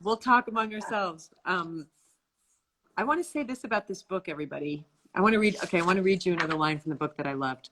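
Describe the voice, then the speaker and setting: Calm low-voiced middle-aged woman hosting. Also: fast, slight background noise. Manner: calm, encouraging, reads aloud carefully. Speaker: host interviewing a guest. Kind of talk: warm conversational live interview. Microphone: phone on a live video call.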